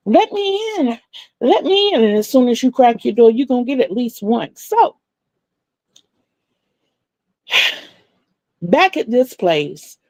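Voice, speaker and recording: Gravelly, laughing woman storyteller. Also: mid-range voice, no room sound. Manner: animated, laughing often, acting out voices in quotes. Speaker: crochet livestream host. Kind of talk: casual storytelling chat.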